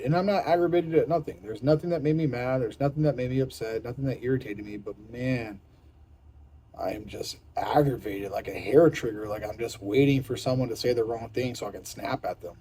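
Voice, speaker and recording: A man's voice: mid-range voice, dark tone, poor audio. A young man on a strict diet, hungry and irritable, talking frankly and repeating himself in a casual vlog. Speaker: fitness vlogger on a diet. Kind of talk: casual vlog talk to camera.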